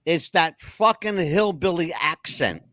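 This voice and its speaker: A man hosts a podcast with blunt, profane, animated storytelling. His voice sits fairly high and swings widely in pitch. The sound is dry and close. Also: slow pace, dry recording. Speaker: podcast host. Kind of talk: casual chat.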